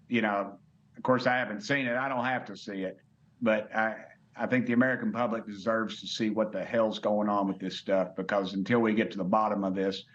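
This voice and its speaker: A man's voice: on the low side, highs cut off. A congressman, talking folksy and blunt in a news interview, often repeating his words.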